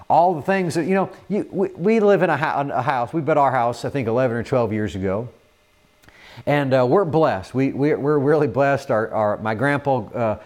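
A man preaching a sermon in an earnest manner, often repeating words and filling pauses with "uh". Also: mid-range voice, darkish tone.

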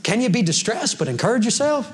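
Talking fast in a very high, sing-song voice, a pastor delivers a folksy sermon before a congregation in a church sanctuary. He laughs often and quotes scripture throughout.

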